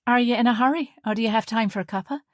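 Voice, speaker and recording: A woman's voice: on the high side, rapid-fire, dry recording, clean studio sound, pitched above the performer's own voice, lightly acted. Woman voicing a light, polite, innocent-sounding woman. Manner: light, polite, feigned nonchalance. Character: wary, friendly woman playing innocent.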